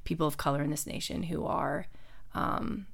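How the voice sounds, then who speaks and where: A woman's voice: low-pitched, moderate pace, creaky, slightly rough. A woman hosting a church podcast as a young adults pastor, talking in a casual way, emotional and near tears. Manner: warm, tearful, laughing softly.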